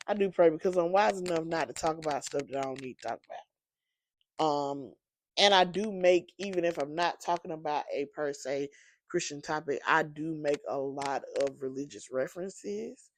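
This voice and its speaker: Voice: mid-range voice, normal speed, slight background noise. Sleepy podcast host rambling. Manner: rambling, conversational, many fillers. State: sleepy, yawning. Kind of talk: casual solo podcast monologue.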